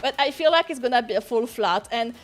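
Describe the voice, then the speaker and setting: A woman's voice: fairly high pitch, animated, a little fast, faint music behind. A young woman streamer, not a native English speaker, chatting casually with lots of giggles and restarts. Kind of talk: casual chat.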